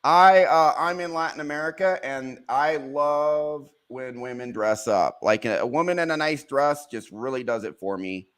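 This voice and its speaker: Man, podcast host, casual chat, candid, playful, mid-pitched, rambling. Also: normal speed, few pauses, fairly bright tone, clean tone.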